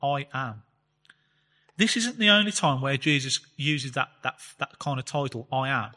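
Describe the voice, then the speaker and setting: A man giving a chatty Bible teaching talk, reading scripture slowly and explaining it with fillers. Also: mid-range voice, lively intonation, pushed and bright. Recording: long reverb, hall-like space.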